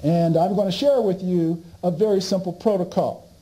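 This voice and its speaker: A man giving a lecture, telling an animated story and laughing along with it. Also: high-pitched, normal speed, low-quality recording.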